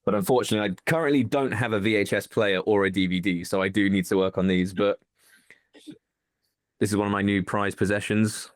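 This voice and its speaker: A man's voice: fairly low pitch, fairly even intonation, fairly quick, no echo, clean studio sound. A man, a wrestling promoter guest, chatting enthusiastically in a casual interview over a video call and rambling with restarts.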